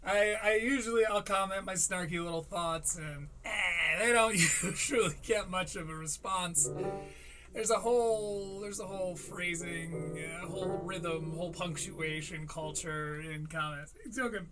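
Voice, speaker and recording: A man's voice: high-pitched, a little slow, music in the background. A man in his thirties hosting a reaction commentary, rambling, swearing and laughing through asides. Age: 30s. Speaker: commentary host.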